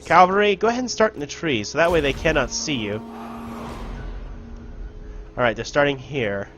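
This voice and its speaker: A man giving casual let's play commentary on a strategy game, shouting orders and taunting enemies now and then. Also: fairly high pitch, lively intonation, moderate pace, slight background noise. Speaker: gameplay commentator.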